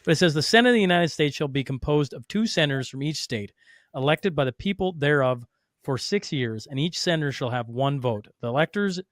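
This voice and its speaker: A man hosting a podcast, chatting casually about politics in a loose, self-deprecating way with quick asides. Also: a little high, expressive, no echo, studio quality. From Alberta, Canada. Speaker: podcast host.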